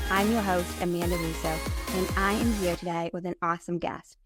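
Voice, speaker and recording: A woman's voice: fairly low pitch, steady tone, a little fast, few pauses, over music. A woman hosting a podcast interview, upbeat and enthusiastic as she introduces and questions her guest. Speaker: podcast host.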